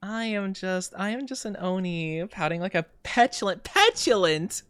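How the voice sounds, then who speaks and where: A man's voice: high voice, expressive, normal speed, a bit bright. A young man streaming a game, chatting with his viewers and playfully denying their teasing. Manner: playfully defensive, teasing denials to chat.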